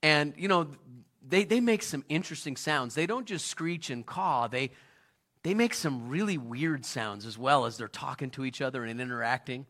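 A man's voice: mid-range voice, moderate pace, fairly bright tone. A middle-aged man preaching a sermon in a conversational way, often asking the audience questions as he explains a Bible passage. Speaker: pastor.

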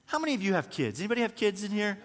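A male pastor with a fairly high voice delivers a lively, joking sermon to his congregation. His telling is animated, rising and dropping in volume as he tells the story. The sound carries a long reverb from a large hall. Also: very fast. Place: church auditorium.

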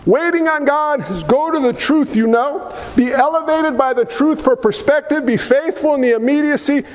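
A man preaching a sermon as pastor, emphatic and folksy, with sudden swings in pitch. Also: normal speed. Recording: long hall reverb.

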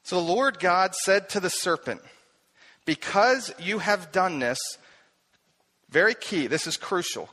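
A man preaching a sermon, telling the story with animated delivery and acting out the voices he quotes. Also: fairly high pitch, normal speed. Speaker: pastor.

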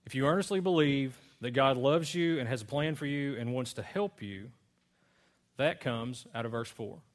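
A man preaching a sermon to his congregation in a relaxed, conversational storytelling way. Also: mid-range voice, moderate pace. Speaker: pastor.

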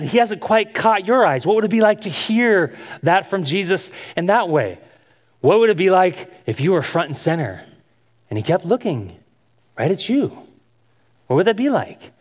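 A man giving an instructional sermon, earnest and asking his listeners many questions as he teaches. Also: fairly high pitch. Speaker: Bible teacher. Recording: long hall reverb.

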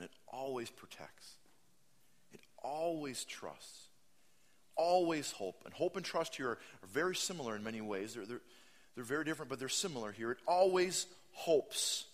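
A man in his thirties preaching a sermon as pastor, animated, jumping into high mocking voices and dropping to soft, earnest lines. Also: normal speed, long pauses.

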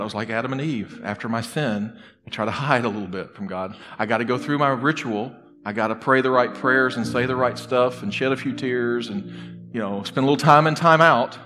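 A man preaching a sermon as a pastor, talking conversationally and earnestly, moving between soft, confiding stretches and loud, emphatic bursts. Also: mid-range voice, moderate pace. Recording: long reverb in a hall with music underneath.

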